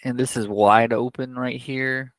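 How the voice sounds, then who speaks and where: A man playing a tabletop role-playing game, deliberate and asking questions. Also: mid-range voice, steady tone, no echo. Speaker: player. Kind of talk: casual tabletop play.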